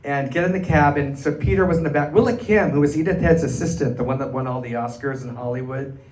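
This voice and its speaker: A middle-aged man, a cabaret performer, telling an animated anecdote to a live audience and acting out the people in it. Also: fairly high pitch, fast talker, recorded from a distance. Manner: animated, chatty, acts out the people in his stories. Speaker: cabaret singer and storyteller. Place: small arts venue stage, live audience. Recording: roomy live stage sound, faint room noise.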